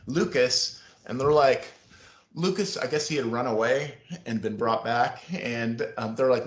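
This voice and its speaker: A man's voice: medium pitch, measured pace. A middle-aged man telling a long, rambling story in a casual interview, acting out the voices of the people in it. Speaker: interview guest, former school staff member. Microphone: video call. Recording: roomy video-call audio.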